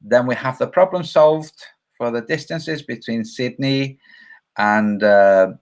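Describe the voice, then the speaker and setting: A man hosting a casual livestream, rambling and joking, reading viewer comments aloud and acting out quoted voices. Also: slow. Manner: acts out quoted voices with big pitch jumps. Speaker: livestream host.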